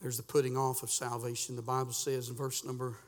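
A man preaching a sermon as pastor in a church, folksy and fervent, peppering his talk with "uh" and rising to shouts. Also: mid-range voice, completely flat delivery, fairly quick, long reverb tail. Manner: folksy preaching with frequent "uh" fillers. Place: church sanctuary.

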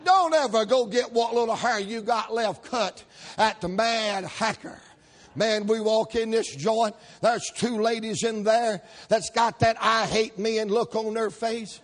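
A man, a preacher telling a folksy story in a sermon, with sudden shouted peaks. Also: high-pitched, unhurried.

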